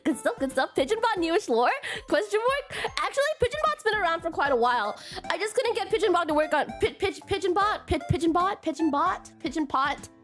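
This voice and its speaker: Over soft background music, a young woman's very high, slightly bright voice swings widely in pitch at a quick pace, strained from a recent illness. She hosts a casual live stream, bubbly yet nervous, tripping over and repeating words while tacking a cute "question mark" onto her sentences.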